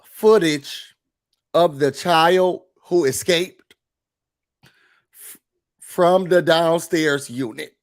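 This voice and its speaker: A man hosting a mock office meeting in a faux-serious, deadpan manner, breaking into put-on emotion now and then. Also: fairly high pitch, very slow, pauses often. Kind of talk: comedic mock corporate briefing.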